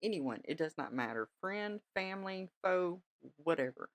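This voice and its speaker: A woman with a lowish voice and lively intonation hosts a podcast at a moderate pace, with no room sound. Her casual spiritual talk is chatty and reassuring, and she keeps checking in with listeners with lots of "all right?"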